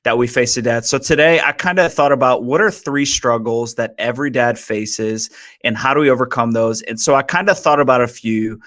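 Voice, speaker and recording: A man in his thirties co-hosts a podcast and tells a family story in a loose, animated way. He pokes fun at himself and laughs often, and his voice sits at an ordinary middle pitch. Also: brisk. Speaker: podcast co-host. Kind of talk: casual storytelling chat.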